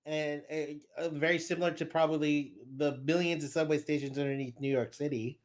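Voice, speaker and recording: A man's voice: fairly high pitch, fairly quick. A man co-hosting a casual movie discussion podcast, talking emphatically and repeating points. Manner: animated, emphatic, repeats himself. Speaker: podcast co-host.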